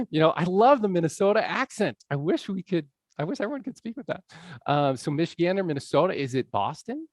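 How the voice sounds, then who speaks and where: A man's voice: fairly high pitch, big pitch swings, normal speed, no room sound, clean studio sound. A man lecturing on language learning in a conversational way, often checking in with his audience. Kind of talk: public lecture. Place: college lecture room.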